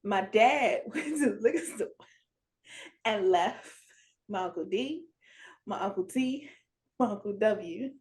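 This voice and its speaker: A woman co-hosting a podcast in casual chat, laughing often and reacting with lively interjections. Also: medium pitch, slow, pauses often. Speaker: podcast co-host.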